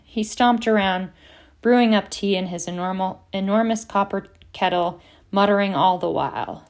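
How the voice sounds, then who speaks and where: A woman narrating an audiobook at a steady pace and doing voices for the characters. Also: mid-range voice, moderate pace. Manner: steady storytelling, reads several voices. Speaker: audiobook reader.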